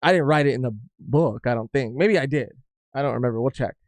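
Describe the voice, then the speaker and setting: A young man co-hosting a podcast in casual chat, rambling and halting with frequent restarts. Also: mid-range voice, no room sound. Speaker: podcast co-host.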